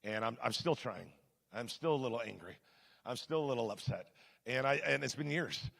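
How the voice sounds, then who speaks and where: A pastor preaching a sermon to his congregation in a conversational, emphatic way, swinging between loud and hushed. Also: mid-range voice, expressive, moderate pace, creaky. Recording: long hall reverb.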